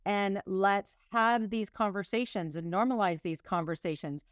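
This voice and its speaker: A woman's voice: mid-range voice, unhurried, no room sound, studio quality. A middle-aged woman from Canada, a former nurse speaking as a guest author, talking in an effusive, heartfelt way with frequent restarts. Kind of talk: emotional personal talk.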